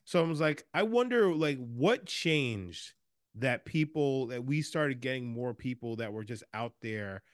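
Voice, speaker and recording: Man, podcast co-host, casual rambling chat, mid pitch, dry close sound. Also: animated, a little slow, dry recording. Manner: rambling, restarts often, speeds up when riled.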